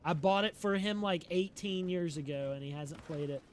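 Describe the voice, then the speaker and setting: High-voiced, sleepy male streamer. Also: normal speed, a little hiss or hum. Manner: relaxed and slangy, talking to chat. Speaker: game streamer. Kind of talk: casual live-stream chat. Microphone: streaming microphone.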